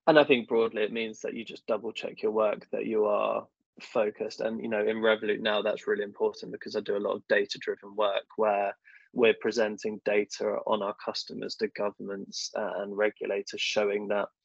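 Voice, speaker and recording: Speaking fairly low and in a monotone, this young podcast guest talks a little fast with some vocal fry. He's a government affairs professional swapping self-deprecating, filler-heavy stories in a relaxed interview. The audio is dry, dull and lo-fi.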